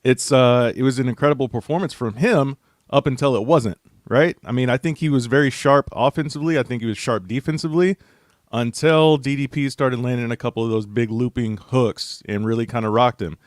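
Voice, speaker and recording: A man's voice: medium pitch, a little fast, no echo, studio quality. A male writer on a panel, giving thoughtful, casual analysis of a fight, often hedging with fillers.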